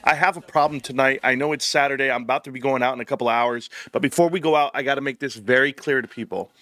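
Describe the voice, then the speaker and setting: A man's voice: medium pitch, steady tone, fast, fairly bright tone. A man hosting his own stock channel, ranting casually and combatively to his viewers. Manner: emphatic, combative. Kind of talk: casual livestream rant.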